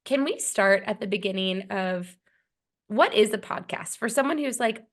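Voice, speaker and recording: A woman's voice: medium pitch, lively intonation, normal speed, fairly bright tone. A young adult woman co-hosting a podcast in casual chat, playful and joking, while getting over a cold. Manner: playful, joking, laughs often. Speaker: podcast co-host.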